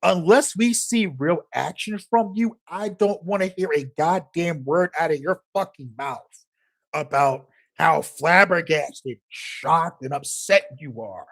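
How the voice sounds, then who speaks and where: A man's voice: on the high side, slow, gravelly, fairly bright tone. A man delivering a heated, profane political rant as a commentator, emphatic and angry throughout.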